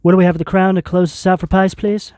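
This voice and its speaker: A man giving a tarot reading video, speaking in slow, emphatic, intense declarations. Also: high voice, level tone, darkish tone, dry recording, clean studio sound. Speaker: tarot reader.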